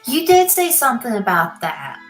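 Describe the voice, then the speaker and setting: A woman's voice: on the high side, big pitch swings, normal speed. A woman casually chatting on a livestream, answering viewer comments and muttering to herself as she builds. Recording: music playing under the voice. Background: music.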